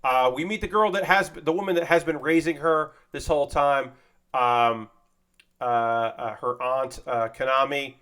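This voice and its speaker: A streamer building a model kit chats casually as he works with his hands, giving a lively, rambling, animated recap of an anime episode. His smooth voice sits at an ordinary middle pitch, he speaks at a measured pace, and he keeps the tone of an easygoing stream host.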